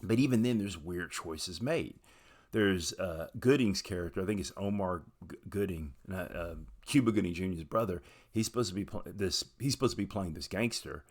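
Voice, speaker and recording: A man's voice: deep voice, normal speed. A man from Southern Appalachia talking frankly through his opinions, thinking aloud as he goes in a casual commentary. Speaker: video host.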